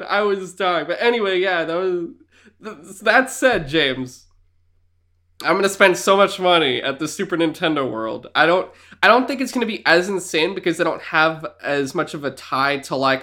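A young man co-hosting a podcast in casual chat. He tells animated stories, laughing often and swearing freely. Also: a little high, normal speed. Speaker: podcast co-host.

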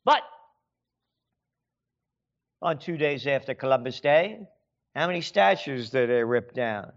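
A man's voice: medium pitch, animated, slow pace, highs cut off. An American man and author ranting sarcastically in a monologue, firing off rhetorical questions in a heated tone. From United States.

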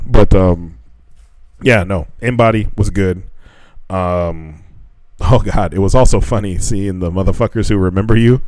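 A man co-hosting a casual podcast about gym results, swearing and laughing often and mimicking other people in high voices. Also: a little slow, darkish tone, no echo, poor audio. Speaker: podcast co-host. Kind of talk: casual chat.

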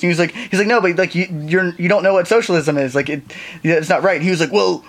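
A man guesting on a podcast, telling stories in a halting, rambling way full of fillers. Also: high voice, a bit bright. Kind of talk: casual chat.

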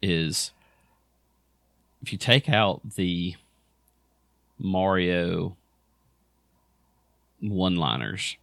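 A man with a fairly low voice co-hosts a casual podcast, chatting with lively energy and breaking into playful impressions. His voice is recorded close and dry, with no room sound around it. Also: extremely slow, vocal fry, long pauses, no echo. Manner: animated, mimics voices for laughs. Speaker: podcast co-host. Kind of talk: casual chat.

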